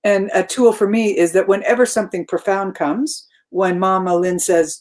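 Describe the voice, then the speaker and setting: A woman's voice: mid-range voice, steady tone, normal speed, darkish tone. A woman speaking as a guest on a spiritual talk show. She talks in a reflective, searching way, repeats words as she gathers her thoughts, and laughs easily.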